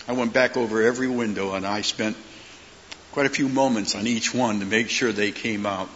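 A man's voice: on the low side, normal speed. A middle-aged man preaching a sermon as a pastor, telling stories animatedly and acting out the voices in them. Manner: animated storyteller, acts out voices in his stories. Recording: long hall reverb, dull lo-fi sound, faint hiss.

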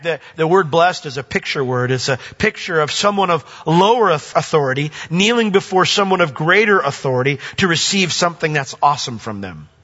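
A bright-voiced man preaching a sermon, leaping up to emphatic high points and then dropping to soft, low asides. His voice rings out with a long hall reverb, heard through a dull, lo-fi recording. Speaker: pastor.

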